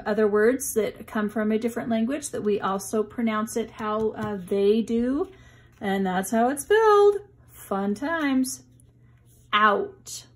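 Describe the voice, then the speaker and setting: A woman reads with young children in a slow, unhurried way, taking her time over each word. Her pitch sits in a middle range, and she talks to the kids patiently and kindly, like a teacher leading a reading lesson.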